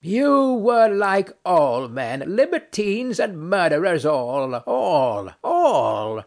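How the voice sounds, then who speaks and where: A man's voice: high-pitched, very animated, unhurried, gravelly, breathy edge, exaggerated voice. A man reading a play aloud, voicing a proud, indignant noblewoman who speaks primly and insists on her due. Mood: bitter, accusing. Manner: prim, affronted, insistent questioning. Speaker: audiobook narrator.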